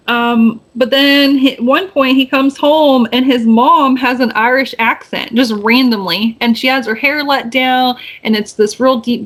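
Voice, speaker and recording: A woman co-hosts a podcast and recaps a movie in loose, rambling chat. Her voice sits a little high, and she keeps stacking up fillers and restarts. When she quotes the characters, her pitch jumps up to act out their lines. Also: fairly bright tone. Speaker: podcast co-host.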